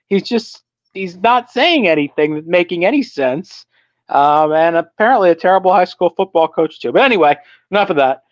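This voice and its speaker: A man with a fairly high voice talks on a casual sports podcast, blunt and opinionated, laughing his way through a rant. The sound is dry and a little dull, close on the mic. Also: brisk, no room sound. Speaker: podcast co-host.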